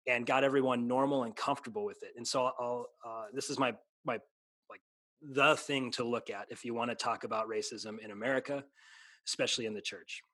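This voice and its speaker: A man's voice: mid-range voice, a bit bright, dry recording. A man who is a pastor in a casual conversation, speaking earnestly, restarting sentences and slipping into a preaching cadence. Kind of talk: casual chat.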